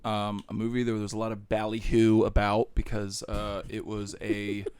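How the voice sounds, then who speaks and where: A man's voice: on the low side, monotone, normal speed, a little mellow, clean tone. A man co-hosting a film podcast in loose, jokey casual chat, laughing often. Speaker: podcast co-host.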